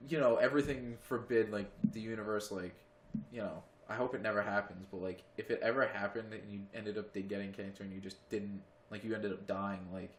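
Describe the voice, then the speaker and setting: A man's voice: fairly low pitch, fairly even intonation, brisk, a little hiss or hum. Rambling, swearing podcast guy, roomy sound. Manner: rambling, heavy use of "like", swears freely. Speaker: podcast co-host. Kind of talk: casual chat. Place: friend's home.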